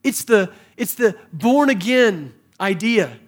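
High-voiced pastor preaching. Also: male voice, sing-song, takes it slowly. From American South. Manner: preaching with sudden swings between hushed and emphatic delivery. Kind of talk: sermon.

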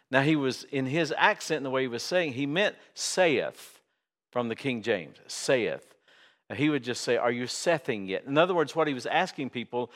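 A man's voice: mid-range voice, fairly bright tone. A middle-aged or older man preaching a sermon as a pastor, folksy and conversational with humor and fillers. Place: church sanctuary. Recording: long hall reverb.

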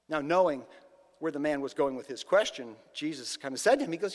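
Animated male preacher in a reverberant hall. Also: a little high, a little fast. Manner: conversational, animated storytelling. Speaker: pastor. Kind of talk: sermon.

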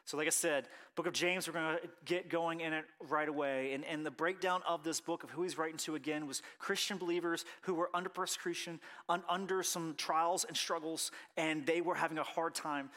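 Thirties male preacher, lively storyteller, bright and slightly high voice, drops to a hush, then surges. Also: a little fast, few pauses. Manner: animated storytelling, acts out quotes, swings from hushed to loud. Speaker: pastor. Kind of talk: sermon with personal story.

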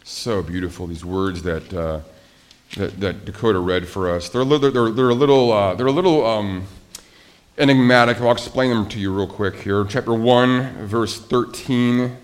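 A male pastor preaching a conversational sermon, lively and animated, asking the congregation rhetorical questions. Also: lowish voice, normal speed.

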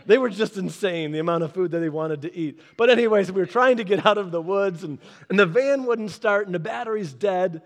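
A man preaching, telling a story in an animated way and acting out the quoted people in changed voices. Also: high-pitched, brisk, few pauses. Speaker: pastor. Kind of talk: storytelling sermon. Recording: long hall reverb.

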